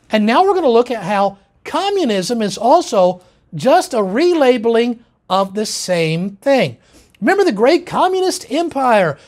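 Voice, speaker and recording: A man presenting a political lecture in an emphatic, insistent way. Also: very high voice.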